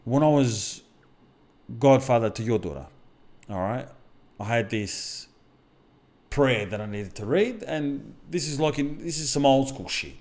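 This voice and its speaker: A middle-aged man, talking bluntly and swearing often as a podcast co-host and mindset coach, telling stories from his own life. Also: medium pitch. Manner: blunt, heavy swearing, storytelling. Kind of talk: casual podcast chat.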